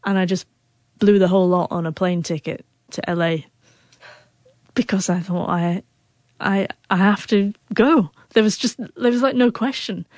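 A woman's voice: on the low side, steady tone, normal speed, darkish tone, no room sound. Woman in her 40s, stuttery, catching on first sounds, dry close sound. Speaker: author and guest. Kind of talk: emotional interview storytelling.

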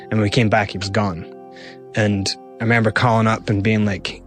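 A man's voice: fairly low pitch, flat delivery, fairly quick, soft background music. A man, a guest in an interview, recounting events animatedly and acting out other people's lines. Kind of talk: interview storytelling.

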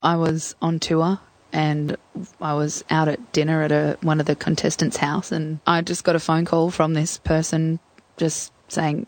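A woman's voice: deep voice, completely flat delivery, normal speed, no echo. A young Australian woman telling her story candidly in an interview, hesitant and full of fillers. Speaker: guest.

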